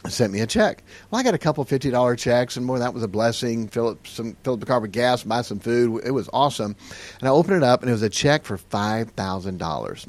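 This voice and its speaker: A middle-aged man, a pastor, telling stories on a podcast and acting out the dialogue with a lively, laughing delivery. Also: mid-range voice, no echo. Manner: animated storyteller who acts out dialogue and laughs often.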